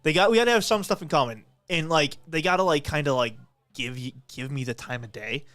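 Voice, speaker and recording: A man's voice: a little high, fairly quick, fairly bright tone, no echo. A man in his twenties, a podcast co-host and streamer, rambling profanely in casual chat with lots of "like" fillers in a podcast studio.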